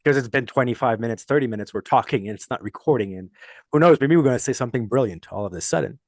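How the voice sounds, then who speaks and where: A man's voice: medium pitch, fast, no echo, clean studio sound. A man with a French Canadian accent hosting a casual podcast chat, earnest and rambling, laughing often as he tells stories. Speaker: podcast host.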